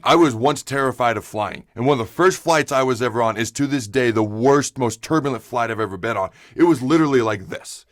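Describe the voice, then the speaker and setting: A sports talk show host with a medium-pitched voice delivers an opinionated monologue, ranting with rhetorical questions and emphatic asides. The sound is studio quality with no room sound.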